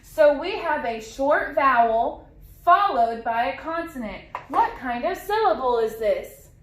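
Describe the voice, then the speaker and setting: A woman teacher walks young children through short vowel sounds, stretching each sound out slowly and repeating it for them to echo. Her voice sits a little high, and it rings in an echoey room. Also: lively intonation. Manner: slow, clear, drawn-out modeling of sounds with repetition. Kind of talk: phonics lesson for young children.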